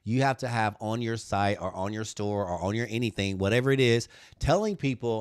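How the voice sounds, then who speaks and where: Sassy, lively man hosting a live stream. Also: fairly quick, no room sound, studio quality. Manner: playful, sassy banter, calls viewers honey and girl; lively, swoops high when joking. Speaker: host of a live design tutorial. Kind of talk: live-stream tutorial chatting with viewers.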